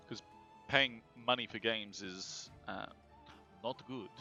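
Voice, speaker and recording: Gravelly Australian man streaming a game. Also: mid-range voice, slow pace, pushed and bright. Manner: chatty, swears freely, reacts aloud to the game. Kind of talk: casual live gameplay commentary. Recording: dull lo-fi stream audio with game music.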